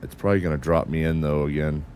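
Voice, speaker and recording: There's a little hiss or hum behind this extremely low, gravelly American voice, which moves at a quick pace with a steady, darkish tone. The man streams a space game, muttering and swearing to himself and his chat as he flies, in a mixed accent neither northern nor southern, as casual gameplay commentary.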